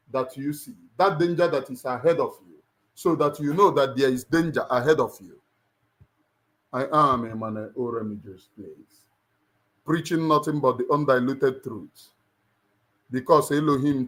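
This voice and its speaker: A man's voice: mid-range voice, moderate pace, fairly bright tone. A middle-aged Nigerian man with a Nigerian accent, hosting a livestream in an emphatic, preacher-like way and repeating his lines for weight. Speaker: livestream host. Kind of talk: impassioned livestream address.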